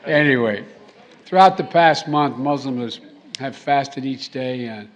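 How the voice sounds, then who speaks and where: A man speaking at a formal reception, halting and restarting, with joking asides to the audience. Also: medium pitch. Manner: halting, with repeated words and trailing restarts; jokey asides to the crowd. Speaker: president giving a speech. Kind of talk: formal speech with off-the-cuff asides. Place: formal reception hall, indoors.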